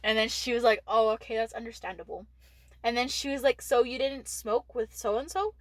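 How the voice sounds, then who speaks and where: A woman's voice: on the high side, fairly quick, no echo. Chatty teen woman telling a story. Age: teens. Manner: candid, swears freely, many "like" fillers. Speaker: podcast co-host. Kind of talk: casual storytelling chat.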